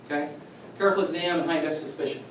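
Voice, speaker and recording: A man's voice: fairly high pitch, steady tone, racing. A man teaching a class, conversational and checking in with "okay" often. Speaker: lecturer. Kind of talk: classroom lecture. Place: lecture classroom. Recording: echoey room from far off, faint noise.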